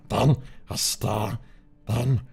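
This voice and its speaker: A man voicing Smeagol, a wheedling, raspy male creature who talks to himself in a live stream impression. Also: darkish tone, heavily acted. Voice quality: raspy, hissing. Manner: wheedling, talks to himself, swings wildly in pitch.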